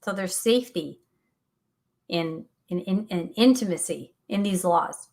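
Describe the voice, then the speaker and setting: A woman's voice: fairly low pitch, expressive, unhurried, vocal fry, a little mellow. A middle-aged woman hosting a faith talk show, speaking earnestly and animatedly, often laughing, reading out listener comments. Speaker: radio show host.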